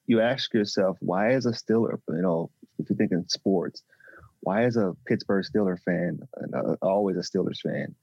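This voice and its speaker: A man answers questions as a podcast guest, speaking haltingly with plenty of restarts. His voice sits very low, with a gravelly and husky edge. The recording is dry and a little dull. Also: a little mellow, no room sound. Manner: halting, with many restarts and fillers. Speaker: relationship and mindset coach. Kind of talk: podcast interview.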